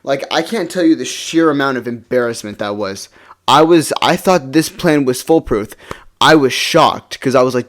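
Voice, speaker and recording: A man's voice: mid-range voice, moderate pace. A man vlogger telling a personal story to a face camera, rambling with many restarts and sinking to a near-mumble in the glum parts. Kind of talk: casual storytime monologue. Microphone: face-cam setup.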